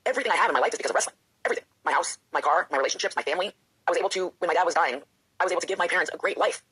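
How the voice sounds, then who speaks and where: A female pro wrestler and author opens up as an interview guest, talking fast with a husky, breathy, lowish voice that's a bit bright. Candid and emotional, she keeps voicing the doubts that run through her own head.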